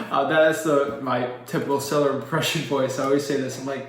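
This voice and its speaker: A man's voice: steady tone, quick pace, hardly any pauses, slight background noise. Salesy man coaching in an echoey room. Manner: salesy, direct, rehearsed pitch lines. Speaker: real estate wholesaling coach. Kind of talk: instructional talk with sample sales pitches.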